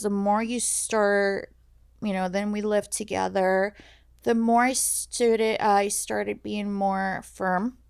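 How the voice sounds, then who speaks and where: Young adult woman, podcast guest, slightly gravelly, halting candid storytelling. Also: medium pitch, a little mellow, dry recording, clean studio sound. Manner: halting, many fillers and restarts. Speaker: guest sharing her story. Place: podcast studio.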